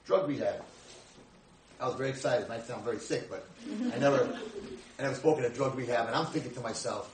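A man's voice: medium pitch, fast talker. A man in his sixties, a rabbi giving a humorous storytelling lecture, acting out the dialogue. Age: 60s. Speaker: rabbi and speaker. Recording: echoey room, from far off, faint hiss.

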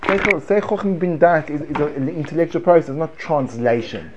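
A man leads a Torah class in a lively, animated way. His voice sits a little high for a man, and he drops from loud emphasis to near hushed tones. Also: moderate pace, muffled recording, a crowd in the background. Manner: animated, chants prayer words with swings from loud to hushed. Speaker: Torah teacher.

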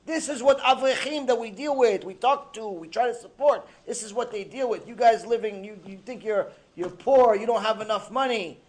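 A man giving a religious lecture, telling a story in an animated, emphatic way and mixing Hebrew terms into English. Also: sits high, moderate pace, few pauses.

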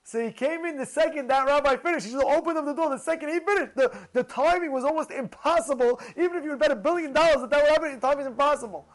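In a lively Torah talk, a rabbi tells stories in a voice pitched strikingly high for a man, speaking fast with few pauses. He repeats phrases for emphasis and sprinkles Hebrew terms into his English, though the audio quality is poor.

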